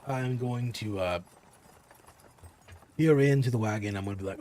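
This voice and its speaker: A man's voice: mid-range voice, normal speed, a little mellow. A man playing at a tabletop game table, describing his actions casually. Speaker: player.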